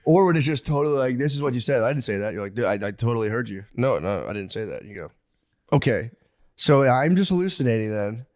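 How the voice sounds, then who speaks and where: A man in his thirties co-hosting a podcast, rambling and excitable, acting out quotes as he tells stories. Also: mid-range voice, quick pace. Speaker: podcast co-host. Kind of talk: casual chat. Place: podcast studio.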